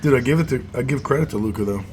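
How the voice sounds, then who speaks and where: A man's voice: medium pitch, very fast, background noise. A man co-hosting a casual sports talk show, rambling and swearing as he reacts to a game. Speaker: podcast co-host.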